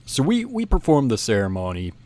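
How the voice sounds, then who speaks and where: A man casually recounting a story, rambling with many restarts and filler phrases, animated as he goes. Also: medium pitch, fairly quick. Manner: rambling, frequent restarts and "you know"; animated, acts out whispered quotes.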